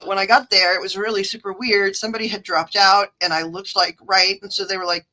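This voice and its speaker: A woman with a Midwestern accent chats on a livestream, rambling through stories full of fillers and asides. Her voice is bright and forward. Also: medium pitch, flat delivery, fairly quick, hardly any pauses, rough recording. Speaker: livestream card reader. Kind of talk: casual livestream chat.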